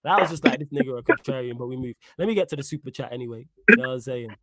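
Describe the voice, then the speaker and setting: A man hosting a casual podcast chat, teasing his co-host and getting loud and high-pitched when he is worked up. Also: very fast, no echo. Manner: animated, teasing, rises sharply in pitch when excited.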